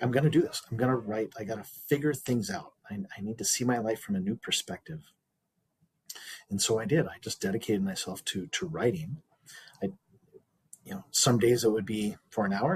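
A man's very husky, mid-range voice is captured on a low-quality recording. He is being interviewed and tells a personal story in a reflective, earnest way, restarting himself often.

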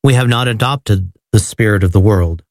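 Solemn man reading slowly. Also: fairly low pitch, no echo. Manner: slow, measured and reverent. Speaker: reader.

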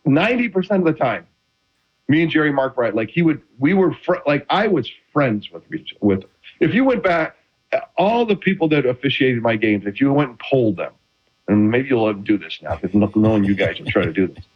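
A man's voice: medium pitch, normal speed, husky. A middle-aged man, a retired quarterback, chatting as an interview guest and telling stories with many restarts. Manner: animated storytelling with many restarts. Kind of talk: casual interview chat. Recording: dull lo-fi audio.

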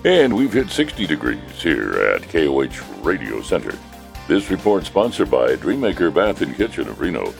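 Deep gravelly radio announcer man. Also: moderate pace, faint music behind. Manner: animated storytelling with voiced characters. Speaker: radio host. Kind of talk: radio announcing and joke reading.

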